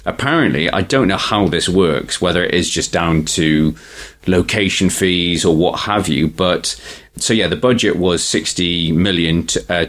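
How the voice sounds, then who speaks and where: Deep-voiced man rambling about films. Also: a little slow, a bit bright. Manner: rambling, many restarts, explains trivia. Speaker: podcast co-host. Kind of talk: casual film podcast chat.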